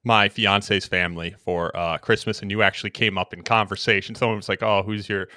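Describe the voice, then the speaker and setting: A man's voice: fairly low pitch, fairly quick, no room sound, clean studio sound. A young man co-hosting a podcast, chatting casually and telling stories with lots of laughter. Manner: animated storytelling, laughing. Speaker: podcast co-host. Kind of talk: casual chat.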